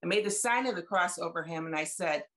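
A woman's voice: on the low side, fast talker, a bit bright. A woman in her seventies sharing a personal faith testimony over a video call, chatty and folksy, retelling conversations with emphasis. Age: 70s. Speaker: guest speaker sharing testimony.

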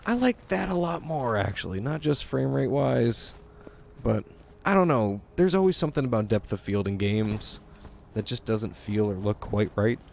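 Chatty and self-deprecating, this young man streams a game with casual let's-play talk. His medium-pitched voice is expressive and creaky at a moderate pace, over a little hiss or hum.

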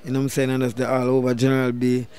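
Jamaican guy, middle aged, telling an interview story, gets loud acting out what folks said. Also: medium pitch, rapid-fire, smooth. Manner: animated, loud bursts when acting out quotes. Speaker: dancehall deejay guest.

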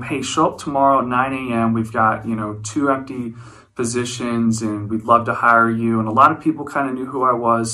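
A man's voice: mid-range voice, bright, forceful tone, low-quality recording. A man in his thirties giving an earnest, reflective personal testimony speech as a guest speaker, often restarting his phrases. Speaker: guest speaker, former wildland firefighter.

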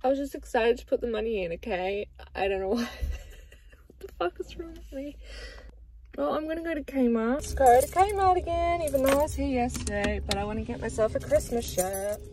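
A woman's voice: fairly high pitch, a little fast, hardly any pauses, mellow. A young Australian woman chatting casually to camera while running errands, self-mocking and swearing now and then. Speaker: vlogger. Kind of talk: casual vlog chat. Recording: clear car and road noise.

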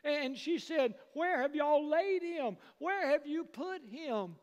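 A man preaching a sermon as pastor, building from hushed passages to loud praise. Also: very high-pitched, lively intonation, slow, highs cut off. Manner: preaching, rising to shouts of praise. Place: church sanctuary. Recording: long hall reverb.

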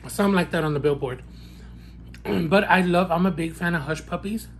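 A man reviewing fast food in a mukbang eating vlog, talking in a sassy, playful way and savoring each bite with frequent mm and wow sounds. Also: sits high, a little hiss or hum. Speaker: food vlogger.

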